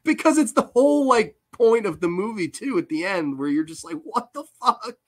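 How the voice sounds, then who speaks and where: Male review host, excitable, profane, laughs easily, casual delivery. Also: sits high, brisk. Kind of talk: casual unscripted movie review.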